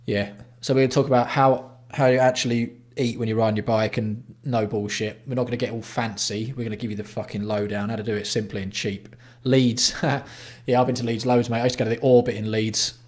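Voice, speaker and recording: An Englishman hosting a casual livestream, talking bluntly and swearing freely as he greets his viewers by name. His voice sits at an ordinary middle pitch for a man. He banters loosely with the chat between topics. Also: little pitch movement, brisk, few pauses, darkish tone. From England. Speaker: livestream host.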